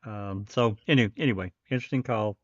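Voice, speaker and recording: A man hosting a casual livestream, talking in a rambling, halting way with a faint Southern American accent. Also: fairly low pitch, dry recording. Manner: rambling, halting, many fillers. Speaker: livestream host. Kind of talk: casual commentary. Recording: dull dry lo-fi stream.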